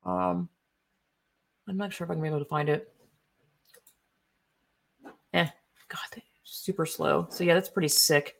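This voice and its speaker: A woman's voice: low-pitched, sing-song, normal speed, pauses often. A young woman giving casual, rambling commentary on online posts, indignant and profane, with many fillers. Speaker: political commentary streamer. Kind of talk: casual ranting commentary while browsing posts.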